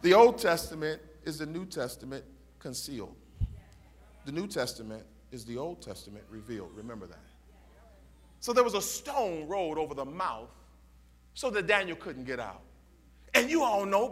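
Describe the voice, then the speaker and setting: A pastor from Youngstown, Ohio, preaching a call-and-response sermon in a church that builds to shouts. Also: male voice, sits high, big pitch swings, moderate pace.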